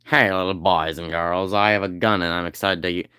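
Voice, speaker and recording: A man putting on the voice of a rural American man with a gun, with a slow, low Southern drawl. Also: fairly even intonation, bright, forceful tone, clean tone, no room sound, clean studio sound. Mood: mock-cheery.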